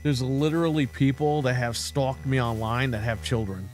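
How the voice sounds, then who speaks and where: Man, livestream host, heated profane rant, mid-pitched voice, faint background music. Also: steady tone, moderate pace, darkish tone. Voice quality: profane, blunt. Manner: heated, ranting, mocking. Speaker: podcast host.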